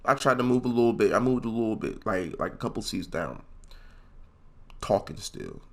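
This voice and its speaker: A young man telling a comedic story from his school days in a casual, slangy, profane way, leaping into high voices when he quotes people. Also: expressive, moderate pace.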